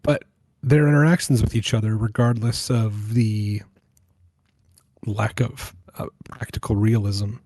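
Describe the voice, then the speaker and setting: A man on a casual movie podcast panel, talking through his thoughts and pausing to search for words. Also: fairly low pitch, fairly even intonation, darkish tone, no room sound, studio quality. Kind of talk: casual film discussion.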